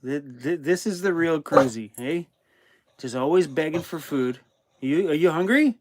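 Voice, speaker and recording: Chatty male vlogger, slightly high voice. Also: lively intonation, moderate pace, background noise. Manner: chatty, rambling, repeats words. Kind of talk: casual vlog chat. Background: a dog in the room.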